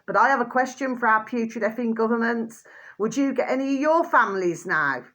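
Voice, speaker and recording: A woman's voice: on the high side, expressive, fairly quick, a bit bright. Woman, casual vlogger; rambling, chatty delivery full of repeated endearments to viewers. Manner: indignant outbursts amid gossipy storytelling.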